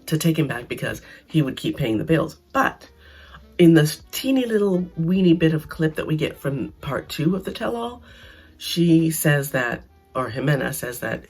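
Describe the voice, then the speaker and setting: A woman with a husky, slightly breathy voice recapping reality TV in a casual, blunt way. She sounds animated and sarcastic, and faint music plays behind her. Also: deep voice, moderate pace. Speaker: reality TV commentator.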